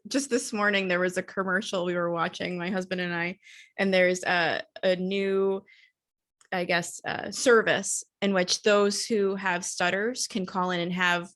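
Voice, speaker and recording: A woman hosting a casual interview, telling an anecdote in a lively, laughing way. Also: on the low side, measured pace. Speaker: host.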